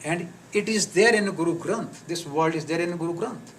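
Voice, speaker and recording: A man teaching a live class on pronunciation, slowly repeating words and sounds for his students. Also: fairly high pitch. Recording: distant mic with faint noise.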